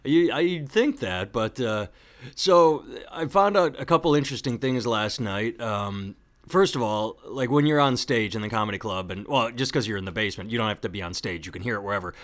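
A man's voice: medium pitch, fairly quick, fairly bright tone. A man hosting a podcast, chatting casually and telling rambling jokey stories. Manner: rambling, joking storyteller. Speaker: podcast host.

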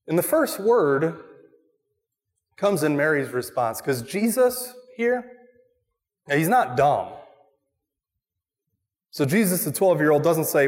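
A man preaching a sermon as a pastor, animated, asking the congregation questions and acting out quoted voices. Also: a little high, unhurried, long pauses, big-room sound. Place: church.

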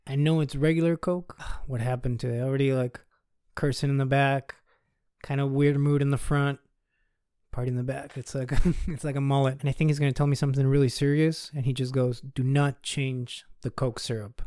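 A man's voice: mid-range voice, flat delivery, a little fast, mellow, clean tone, dry recording, studio quality. A man hosting a podcast, telling a story in a loose, conversational way and chuckling as he goes. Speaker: podcast host. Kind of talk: casual storytelling monologue.

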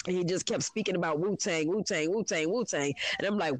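A woman's voice: on the low side, brisk, dry recording, poor audio. Frank, profane woman telling a spiritual story. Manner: frank and profane, with many fillers; spiritual, reflective. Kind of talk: candid personal storytelling.

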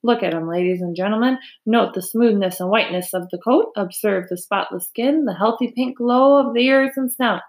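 Woman reading as a formal, speechifying man on a fair loudspeaker, for a storybook reading. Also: medium pitch, normal speed, hardly any pauses, lightly acted. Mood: grand. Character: pompous male fair announcer on loudspeaker.

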